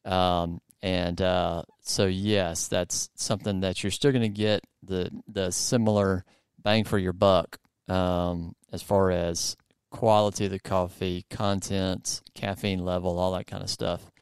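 Man, southern us accent, podcast host, low smooth voice, dry close sound, chatty and rambling. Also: level tone, unhurried, dry recording. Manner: rambling, filler-heavy, lots of "like". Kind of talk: casual conversational interview.

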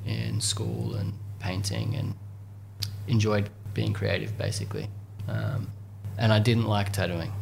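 A man's voice: on the low side, sing-song, a little slow, creaky, darkish tone. A man guest answering interview questions in a laid-back, hesitant way, with faint background noise. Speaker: guest, tattoo artist.

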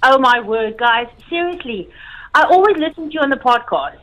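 A woman calling in to a radio show, excited and effusive. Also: high voice, moderate pace, low-quality recording. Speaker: caller.

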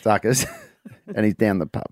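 A man's voice: lowish voice, moderate pace, a little mellow, dry recording. An Australian man, a comedian guest in a radio studio, chatting and telling a joke with big character voices.

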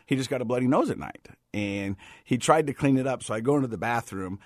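A man's voice: mid-range voice, fast, no echo. Middle-aged man telling stories, dry sound. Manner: animated storyteller, repeats words. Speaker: podcast host. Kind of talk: casual chat.

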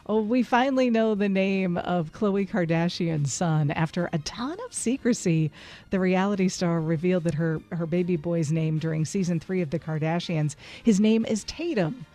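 A woman's voice: fairly low pitch, normal speed, mellow. A woman hosting a radio show, chatting through entertainment news and quizzing her co-host. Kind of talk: casual entertainment news chat.

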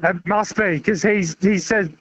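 A man's voice: high-pitched, steady tone, measured pace. An Australian father calling a radio show, amused and easygoing about his young son. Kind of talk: telling an anecdote on the phone. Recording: lo-fi phone line.

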